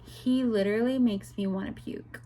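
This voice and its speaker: A young woman chatting casually in a book review vlog, retelling scenes with animated, exasperated commentary. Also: mid-range voice, normal speed. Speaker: book vlogger.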